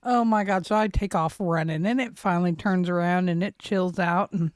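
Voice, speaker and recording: A woman's voice: fairly low pitch, fairly even intonation, moderate pace, darkish tone, no echo, studio quality. A middle-aged woman co-hosting a podcast, telling a story in casual chat, swearing freely and laughing often. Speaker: podcast co-host.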